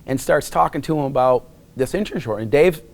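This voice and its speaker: This Wisconsin-born, middle-aged American recounts a wandering personal tale in a casual interview, often restarting and acting out what people said. His mid-range voice is animated, a little fast, and creaky.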